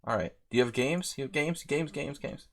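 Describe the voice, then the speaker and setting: A man's voice: fairly high pitch, fairly quick, vocal fry. A man hosting a live chess stream, chatting casually and rambling as he reads out viewer names.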